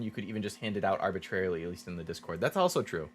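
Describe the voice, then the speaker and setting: A man's voice: low voice, expressive, fast talker, few pauses, a little hiss or hum. A male streamer chatting casually while playing a game, rambling with lots of "like"s.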